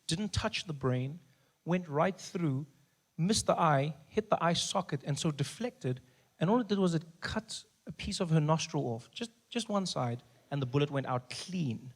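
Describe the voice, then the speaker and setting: On stage before a live audience, a South African man performs stand-up, spinning stories in an animated, playful manner. His voice sits slightly high.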